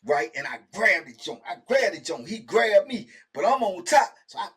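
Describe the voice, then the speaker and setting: Speaking at a moderate pace in a high-pitched voice, a middle-aged man hosting a show lively recounts a prison story full of slang. He imitates the other people in the tale and repeatedly checks in with "right?" and "you know what I'm saying?".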